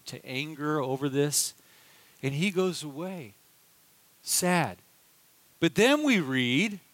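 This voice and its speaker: A man's voice: high-pitched, a bit bright, no echo, poor audio. A man preaching a sermon, telling scripture stories expressively and acting out the quotes.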